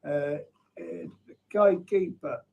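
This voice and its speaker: A man's voice: a little high, slow pace, creaky, warm tone, husky, highs cut off. A man hosting a live stream, chatting in a matey way and reading out viewer comments with frequent chuckles. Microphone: streaming setup at a computer.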